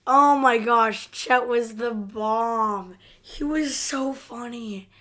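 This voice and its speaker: A woman co-hosting a podcast, chatting casually in an excitable, affectionate way. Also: on the high side, takes it slowly. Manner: excitable, affectionate fan talk. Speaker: podcast co-host. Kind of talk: casual chat.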